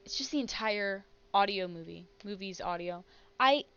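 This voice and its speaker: A woman streaming a game, chatting casually and excitably, laughing and sighing as she reacts, on dull lo-fi audio. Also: medium pitch, moderate pace, smooth. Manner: excitable, laughs and sighs between lines.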